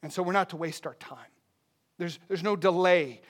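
A man in his thirties preaching a sermon, telling a personal story in an animated way with bursts of loud emphasis. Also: sits high, moderate pace. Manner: animated storytelling with laughs and sudden shouts. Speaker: pastor.

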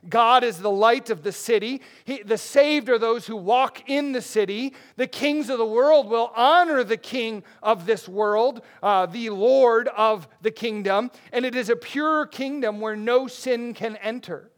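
High-voiced man preaching a sermon. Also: unhurried, few pauses. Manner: earnest, emphatic Bible reading with self-corrections. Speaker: pastor.

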